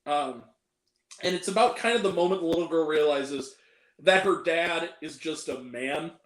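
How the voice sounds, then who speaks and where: A chatty man with a high voice hosts a loose film review, tossing in jokey asides as he goes. His voice rings in an echoey room. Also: normal speed, a bit bright. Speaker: host. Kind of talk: casual film review chat.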